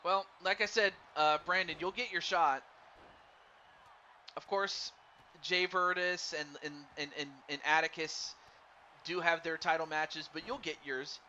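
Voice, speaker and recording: A man doing live play-by-play commentary on a wrestling game for a stream, excitable and stumbling over his words while chatting with viewers. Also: fairly high pitch, unhurried. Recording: dull lo-fi stream mic with faint noise.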